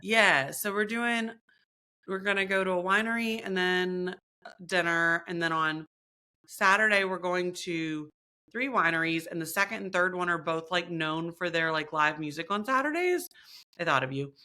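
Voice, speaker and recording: Bright-voiced young woman telling stories. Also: on the low side, normal speed. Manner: animated storytelling, acts out others' lines. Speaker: podcast co-host. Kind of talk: casual chat.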